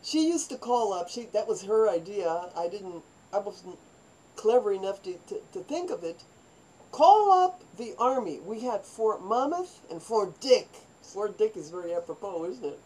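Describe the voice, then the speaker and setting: Older woman vlogger, rambling personal anecdotes told with lively acted-out quotes. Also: medium pitch, normal speed, low-quality recording. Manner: rambling, animated, acts out quoted voices. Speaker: vlogger telling her life story. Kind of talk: personal storytelling monologue.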